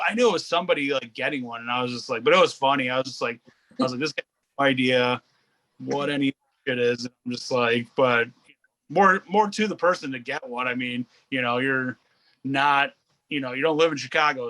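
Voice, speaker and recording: A man's voice: mid-range voice, pushed and bright, poor audio. A man telling a story as a guest on a casual podcast, rambling with many restarts and quoted asides.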